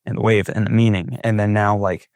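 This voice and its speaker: A young man with a lowish voice tells a gripping surf story, slipping into the voice of his own past thoughts as he goes. He speaks close to a dry microphone with little room sound. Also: level tone, fairly quick, a little mellow, dry recording. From California. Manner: vivid retelling with acted-out inner thoughts. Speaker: big wave surfer guest. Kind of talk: storytelling in a podcast interview.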